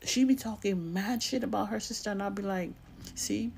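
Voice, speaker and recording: Woman, accented, husky breathy voice, blunt and sassy, swears freely, casual commentary vlog. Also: mid-range voice, a little fast, a little mellow. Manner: has a non-standard accent of her own. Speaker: gossip commentary vlogger.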